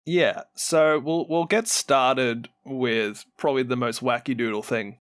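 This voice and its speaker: Unhurried man telling game lore. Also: medium pitch, smooth, no room sound, studio quality. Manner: animated storyteller, laughs often. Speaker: podcast co-host. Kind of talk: casual lore chat.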